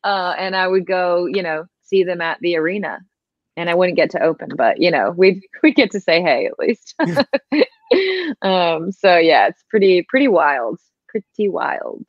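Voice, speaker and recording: Young woman from Georgia, lowish voice, chatty podcast guest, giggly and loose, dry slightly muffled recording. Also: expressive, normal speed, dry recording. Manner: chatty, laughs often, lots of "like" fillers. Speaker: guest musician. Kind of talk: casual podcast interview.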